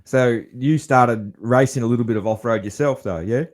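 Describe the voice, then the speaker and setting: A man's voice: medium pitch, moderate pace. A man hosting a motocross podcast, mostly listening to his guest. He speaks in brief affirmations and now and then asks a short follow-up question. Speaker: podcast host. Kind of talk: interviewer backchannel.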